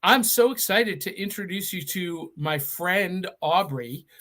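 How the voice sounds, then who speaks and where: Excited chatty man hosting a live show. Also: high voice, unhurried. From Middle Tennessee. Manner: enthusiastic, chatty, stumbling restarts. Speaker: host.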